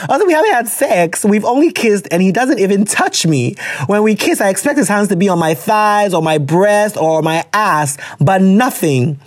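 A man's voice: sits high, animated, normal speed, few pauses, no room sound. A man hosting a podcast, chatting casually and reading listener letters aloud, laughing often and slipping into slang. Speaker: podcast host.

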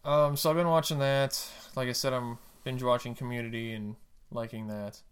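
A man's voice: mid-range voice, steady tone, normal speed, clean tone. Rambling casual podcast man. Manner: rambling, trails off and restarts, dry jokes. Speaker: podcast co-host. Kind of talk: casual chat about TV and games.

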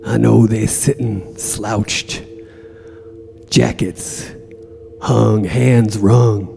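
A man voicing a gruff aging mobster lying in a coma, profane and brooding, in a comedy podcast sketch. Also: lowish voice, fairly even intonation, extremely slow, dark tone, soft background music, exaggerated voice. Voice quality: gravelly, profane, tough-guy drawl.

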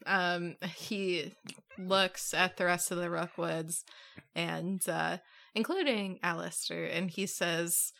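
A woman narrates as game master of a tabletop role-play. Her voice sits a little low but sounds bright and forceful, and she hesitates with frequent fillers. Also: fairly even intonation, slow, vocal fry.

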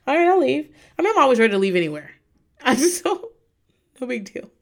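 A woman recapping in casual chat, animated, laughing often and swearing freely. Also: high-pitched, brisk, creaky. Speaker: podcast host recapping reality TV.

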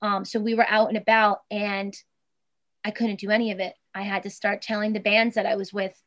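Woman, 30s, interview guest, middle pitch, earnest, emotional, many fillers and restarts. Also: level tone, fairly quick. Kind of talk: personal interview.

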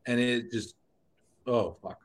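A man's voice: medium pitch, slow pace. A man co-hosting a podcast in casual chat, rambling and emotional, often restarting his sentences. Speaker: podcast co-host.

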